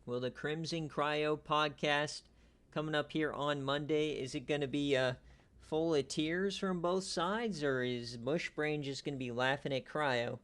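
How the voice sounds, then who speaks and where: A man hosting a league stream, giving casual, jokey play-by-play recaps that swing from low mutters to excited shouts. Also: unhurried, clear, resonant tone.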